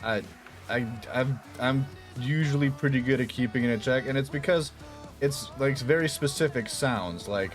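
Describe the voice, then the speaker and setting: A man chatting casually on his stream, explaining things slowly with many fillers and restarts. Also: medium pitch, soft background music.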